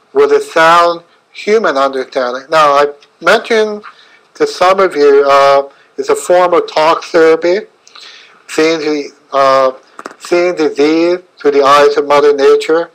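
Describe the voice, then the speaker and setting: A man's voice: on the high side, a bit bright, rough recording. A middle-aged man with a slightly raised voice talks through a webinar lecture. He speaks in short, broken phrases, stopping often with fillers before pressing on. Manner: halting, fragmented phrasing with frequent fillers. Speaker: chiropractor presenting a webinar.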